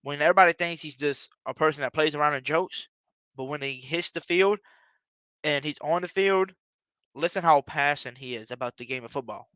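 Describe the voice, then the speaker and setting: A young man runs his own football fan video and talks to his viewers with open excitement. His voice is bright and crisp, recorded dry and close. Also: a little high, brisk, no echo, rough recording. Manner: excited, addresses viewers directly. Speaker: sports fan video host. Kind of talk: casual fan commentary.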